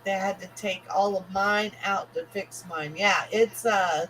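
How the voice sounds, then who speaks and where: A woman, co-hosting a casual chat and telling a lively story, acting out the voices she quotes. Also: medium pitch, measured pace, a little hiss or hum, poor audio. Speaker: podcast co-host.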